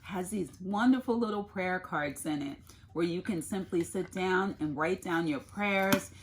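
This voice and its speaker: Earnest woman lifestyle vlogger, low voice. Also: measured pace, slight background noise. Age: adult, mother of a son. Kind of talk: casual faith and lifestyle vlog.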